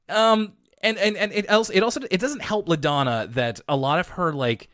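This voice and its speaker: A man from Canada co-hosting a casual podcast, chatty and quick to laugh. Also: dry recording, studio quality. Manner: chatty, laughs easily, lively pitch. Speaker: podcast co-host.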